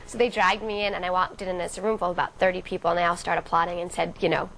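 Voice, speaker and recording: An actress being interviewed, telling a story and acting out the lines of the people in it. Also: female voice, lowish voice, level tone, fast, few pauses, a bit bright, low-quality recording. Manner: acts out quoted dialogue vividly.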